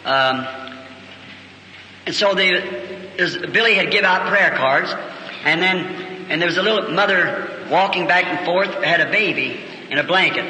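A man preaching a revival sermon, telling a story in earnest and slowing into fervent prayer. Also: sits high, sharp tone. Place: church auditorium. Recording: old echoey hall recording with faint hiss.

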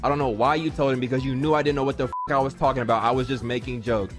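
A man's voice: medium pitch, racing, music in the background. A young man giving loose, slangy comedic commentary and telling stories while reacting to cartoon clips. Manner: animated, loose, slangy, jumps into shouted cheers.

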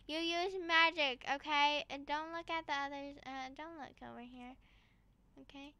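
Bright, high-voiced excitable woman gamer. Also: moderate pace, dry recording. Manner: excitable, gushing, playfully dramatic. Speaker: gaming channel host. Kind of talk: gameplay walkthrough commentary.

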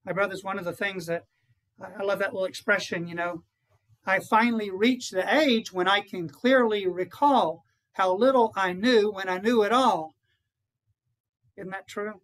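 A man's voice: high-pitched, fairly even intonation, normal speed, fairly bright tone, low-quality recording. A man who is a priest, giving an earnest retreat conference to fellow priests and often putting rhetorical questions to them.

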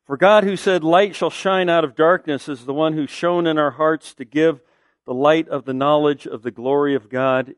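A man's voice: a little high, no room sound, clean studio sound. A man preaching a sermon as pastor, emphatic, asking the listeners questions and answering them.

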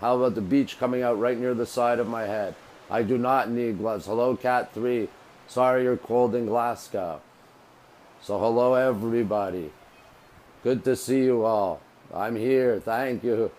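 A man's voice: medium pitch, unhurried, a little mellow, rough recording. A man from Montreal, casually chatting on a phone livestream from a hotel balcony, greeting viewers by name and repeating himself. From Montreal, Canada. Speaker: livestream host. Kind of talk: casual live-stream chat greeting viewers. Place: hotel balcony by the beach, outdoors.

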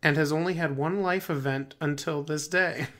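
A man's voice: a little high, steady tone, normal speed, fairly bright tone. Young man with a fading voice. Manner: laughs often, reads aloud. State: losing his voice. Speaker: podcast co-host. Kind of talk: casual chat.

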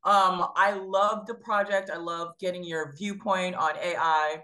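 A bubbly woman co-host with a bright, forceful voice teases and laughs freely over a video call. Her chat is lively and warm in manner, quick with playful asides. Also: fairly low pitch. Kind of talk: casual chat.

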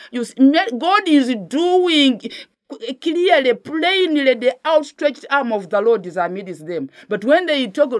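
A woman pastor with a Ugandan English accent, delivering a sermon that exhorts the listeners with repeated rhetorical questions. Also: fairly high pitch.

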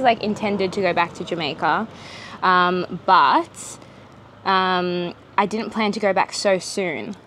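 A woman's voice: fairly low pitch, a little hiss or hum. A young woman from Australia telling her story in a casual vlog while she eats, rambling with many fillers and restarts, sometimes talking with her mouth full. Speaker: vlogger. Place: outdoor eatery.

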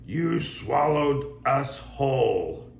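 An older man voicing a boastful, swaggering male skeleton pirate, loud and blustering, in a storybook read-aloud. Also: medium pitch, sing-song, extremely slow, creaky, reverberant, a little hiss or hum, voice pushed up, full character voice.

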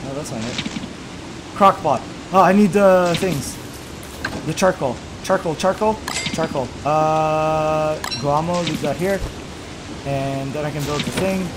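High-voiced young man narrating his gameplay. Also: takes it slowly, background noise. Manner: talks to himself, bursts into loud exasperated yelps. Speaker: let's play gamer. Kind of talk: casual gameplay commentary.

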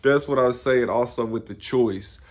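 A man's voice: medium pitch, normal speed, darkish tone, a little hiss or hum. A young man talking straight to camera in a rambling, profane, self-reflective vlog monologue, often laughing at himself. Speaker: YouTuber. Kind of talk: casual motivational monologue.

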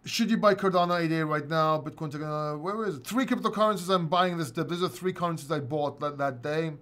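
A man's voice: on the high side, brisk, a bit bright. A middle-aged man hosting a casual livestream chat, rambling, swearing and laughing often. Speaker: host.

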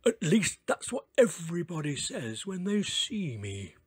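A man's voice: on the high side, sing-song, unhurried, husky, voice pushed up, heavily acted. A man doing a weary, muttering dinosaur. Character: strange clumsy male dinosaur, long-suffering.

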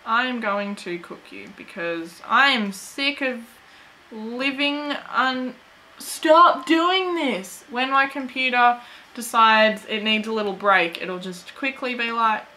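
A woman streamer gives a goofy running commentary on her game, unhurried and rambling. Her voice is bright and sits a little high, and she chats away to her viewers and the screen. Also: slight background noise, rough recording. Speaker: gaming channel host. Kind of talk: let's play commentary.

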